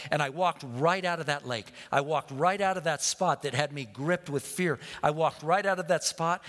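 A man preaches, his pitch sitting in the middle range. He tells a story, repeats his phrases for weight and sometimes lowers his voice to a whisper. His voice carries a long reverb, as in a large hall. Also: a bit bright. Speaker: pastor. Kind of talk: sermon.

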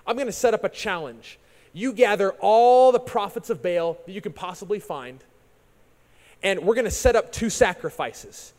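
A bold, sarcastic prophet of old, as a preacher plays him in a retelling, taunting and daring his rivals. The voice sits high for a man. A long reverb hangs on every word, like a big hall. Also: normal speed, darkish tone, lightly acted. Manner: taunting, challenging.

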